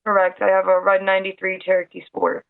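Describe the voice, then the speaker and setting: A woman's voice: mid-range voice, monotone, fast, creaky, dry recording. A woman with a New York accent, a friendly guest talking casually over a video call. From Hudson Valley, New York. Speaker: interview guest. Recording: tinny internet call audio.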